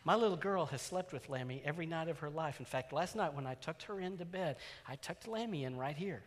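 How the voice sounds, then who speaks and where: A man preaching a storytelling sermon as a pastor, animated, swinging from loud exclamations to hushed asides. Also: fairly high pitch, a little fast. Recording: long hall reverb.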